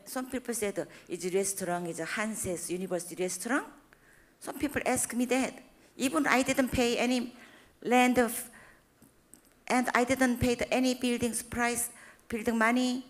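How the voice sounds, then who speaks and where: Korean-accented woman giving a church testimony. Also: a little high. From South Korea. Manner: halting, simple English, with frequent restarts; animated and expressive, rising when emphatic. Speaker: university president giving a testimony.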